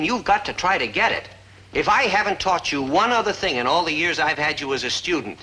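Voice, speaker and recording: An actor playing a weary middle-aged teacher, lecturing a student with dry sarcasm. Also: male voice, a little high, sharp tone, a little hiss or hum. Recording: old TV soundtrack.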